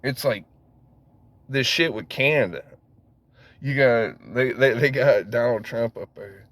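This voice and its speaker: A man's voice: mid-range voice, measured pace, pauses often, fairly bright tone, no room sound. A man ranting casually to camera, rambling, swearing heavily and laughing at himself as he goes. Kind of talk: casual profane rant.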